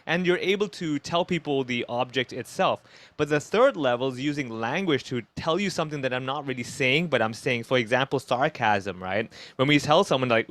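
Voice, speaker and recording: A man in his thirties, a comedian giving lively conversational interview answers and acting out quoted voices. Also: fairly quick, dry recording. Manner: animated, acts out quoted voices with big pitch jumps. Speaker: comedian guest. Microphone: video call.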